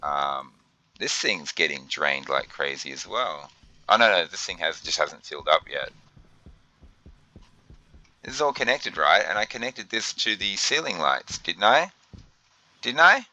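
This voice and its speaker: A deep-voiced young man talks his way through a game as he plays. His tone is bright and forceful. He keeps stumbling over his words and restarting his sentences. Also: expressive, unhurried, dry recording, dull audio. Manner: flustered, thinks aloud with many fillers and restarts. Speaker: gaming video host. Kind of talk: let's play commentary.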